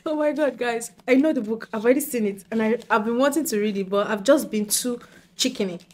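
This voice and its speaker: A young woman from Nigeria chatting excitedly and giggling as she talks straight to her viewers. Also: fairly high pitch, normal speed, pauses often. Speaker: book vlogger. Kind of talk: casual chat to camera.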